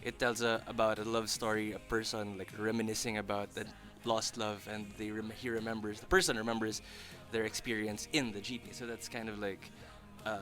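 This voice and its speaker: A Filipino band member explaining thoughtfully in an interview chat, with small restarts. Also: male voice, lowish voice, flat delivery, a little fast, few pauses, a bit bright, faint music behind. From Philippines.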